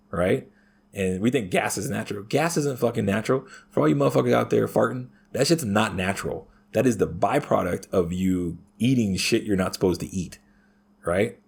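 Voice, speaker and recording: A man's voice: fairly low pitch, vocal fry, breathy edge. Crude, swearing man telling stories. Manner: crude, heavy swearing, animated storytelling. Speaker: podcast guest. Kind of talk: casual chat.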